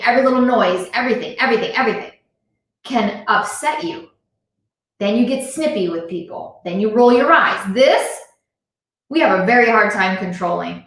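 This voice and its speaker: A woman's voice: medium pitch, a bit bright. A woman giving an earnest motivational talk on a live stream, speaking straight to her viewers and repeating her points for emphasis. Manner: earnest, repetitive, direct address to viewers. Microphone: device camera on a live stream. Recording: very echoey room sound.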